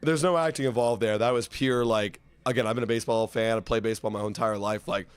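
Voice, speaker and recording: A man in his twenties co-hosting a casual sports chat show, excitable and swearing, his voice jumping up when he gets worked up. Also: fairly low pitch, quick pace, clean tone, no echo. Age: 20s. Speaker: co-host.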